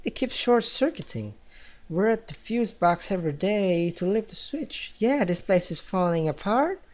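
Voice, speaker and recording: A man's voice: high voice, animated, normal speed, a little mellow. A man from the Philippines casually commentating a game, chatty and giggly, reading the game's text aloud. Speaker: gaming let's-player.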